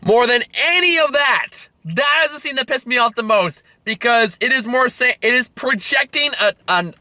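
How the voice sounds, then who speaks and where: A young man delivers an exasperated, rambling movie review, stumbling over restarts and peppering his words with profanity. His voice sits high and sounds piercingly bright. It is recorded dry and close inside a parked car. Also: expressive, normal speed, no room sound.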